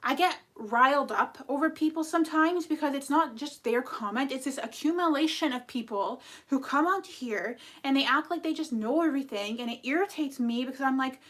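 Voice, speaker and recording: A woman's voice: high voice, fairly quick, few pauses, a bit bright. A young woman talking casually on a livestream, rambling with lots of fillers and apologizing for herself. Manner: rambling, filler-heavy, self-critical. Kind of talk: casual live-stream chat.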